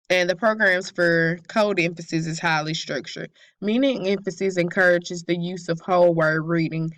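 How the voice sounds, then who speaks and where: A woman's voice: fairly low pitch, no echo. Woman reading a class presentation, dry. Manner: careful, read-aloud delivery with occasional slips. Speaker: student presenter.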